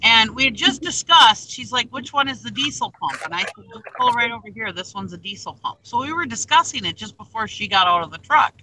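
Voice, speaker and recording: Bright, forceful chatty woman. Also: fairly high pitch, a little fast, hardly any pauses, slight background noise, poor audio. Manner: lively, chatty storytelling, acting out quotes. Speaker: online reseller hosting a livestream. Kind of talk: casual storytelling chat.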